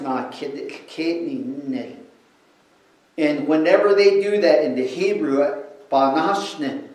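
A man preaching a sermon, teaching slowly and with emphasis while switching between English and another language. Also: on the high side, a little mellow. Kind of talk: bilingual sermon with interpretation. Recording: roomy and distant from the mic.

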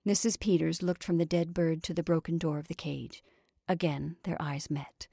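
Brief: female storyteller, low and measured, dry studio read. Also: fairly even intonation, creaky, dark tone, breathy edge, no room sound. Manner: measured, dramatic narration. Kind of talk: story reading aloud.

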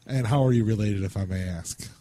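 A man's voice: lowish voice, fairly quick, warm tone. A man co-hosting a casual interview podcast, joking and rambling as he asks questions. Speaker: podcast co-host.

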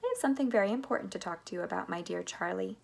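A breezy, eccentric old-fashioned candy maker, brisk and chatty, as a woman reading a storybook puts him on. His voice sits at a middling pitch with a gravelly edge. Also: lively intonation.

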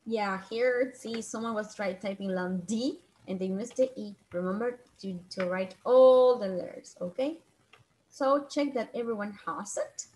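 A woman teaching an online class on a video call, patiently repeating and translating phrases slowly. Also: mid-range voice, darkish tone, a little hiss or hum.

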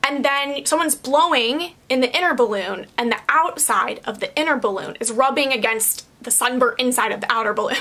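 Bright, high-voiced young woman vlogging. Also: normal speed. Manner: frank, chatty, laughs easily, swears lightly. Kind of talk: candid casual chat to camera.

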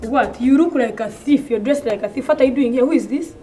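High-voiced ranting Ugandan woman. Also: brisk, warm tone, faint music behind. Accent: Ugandan English. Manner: indignant, ranting, repeats herself for effect. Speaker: comedian. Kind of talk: comedy sketch.

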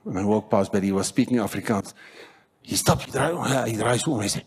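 A South African man preaching a sermon in church, telling stories with animated acted-out voices and shouting for emphasis. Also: fairly low pitch, brisk, breathy edge. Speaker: pastor.

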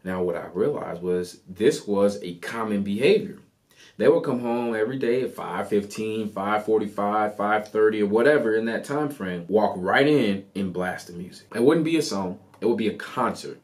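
A man's voice: fairly low pitch, normal speed. A man hosting a podcast, telling a personal story in a casual, conversational way with lots of asides. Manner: conversational, animated retelling with asides. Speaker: podcast host.

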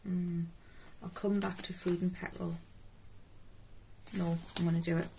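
Mellow and unhurried, a budgeting vlogger with a Geordie accent chats casually and talks to herself as she counts out cash for her budget. Her voice is fairly low, with little pitch movement. Background noise of rustling notes is clearly heard.

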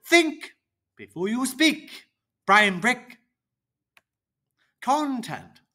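A cheerful, confident speaking coach for kids, played by a performer, talking slowly and deliberately. The pitch bounces up and down with plenty of life. The tone is bright and clear. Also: full character voice. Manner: slow, deliberate, teacherly, with lively pitch. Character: cheerful, confident teacher character. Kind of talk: children's educational roleplay.

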